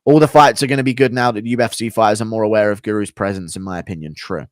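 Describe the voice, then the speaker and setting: A man's voice: on the low side, fast, dry recording, studio quality. A man talking bluntly and swearing freely in a casual live-stream chat, answering viewers.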